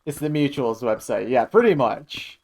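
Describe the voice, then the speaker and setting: A man's voice: mid-range voice, lively intonation, moderate pace, darkish tone. A man streaming live, chatting casually and jokily while reacting to his chat. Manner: rambling, jokey, reacting to chat.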